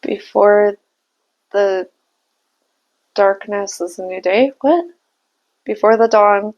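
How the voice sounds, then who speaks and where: A woman's voice: mid-range voice, takes it slowly, lo-fi sound. A young adult woman giving a casual spiritual tarot reading, musing aloud and laughing at herself. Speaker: tarot reader and channeler.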